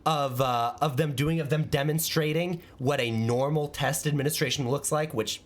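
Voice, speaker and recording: A man hosting a podcast, telling an animated, self-mocking story in casual chat. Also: fairly high pitch, moderate pace, slight background noise. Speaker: podcast host.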